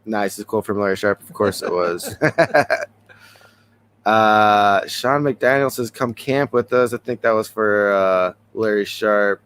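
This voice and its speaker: A man's voice: lowish voice, measured pace, fairly bright tone, slight background noise. A man hosting a casual podcast, talking loosely and rambling with frequent chuckles. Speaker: podcast host.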